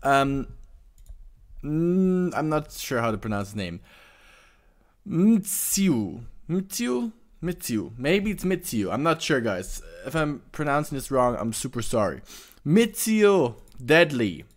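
A man's voice: mid-range voice, big pitch swings, moderate pace. A man hosting a reaction video, chatting casually with lots of fillers and restarts. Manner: hesitant, many fillers and restarts.

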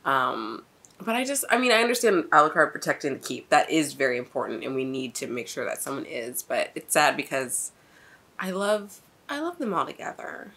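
A woman hosting a casual reaction video, expressive and swearing freely as she reacts. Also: low-pitched, moderate pace. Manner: expressive, swears, laughs often.

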